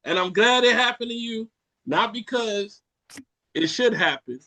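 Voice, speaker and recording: Animated high-voiced man ranting. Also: unhurried. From Caribbean. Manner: animated ranting, exclaims and repeats lines. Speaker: podcast host. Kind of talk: casual chat.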